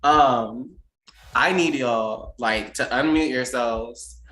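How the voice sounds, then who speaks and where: A man's voice: medium pitch, a bit bright. A man hosting an online poetry slam, hyping up the audience to welcome the featured poet. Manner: drawn-out hype-man delivery with fillers. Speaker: slam host. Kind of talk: introducing a performer. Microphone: video call. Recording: roomy echo with faint music.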